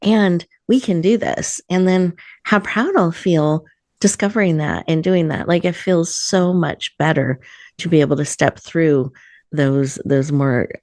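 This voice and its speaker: Low-voiced woman host, dry close sound. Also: unhurried, no echo. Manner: warm, affirming, thanks guest often. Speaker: podcast host. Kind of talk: interview hosting.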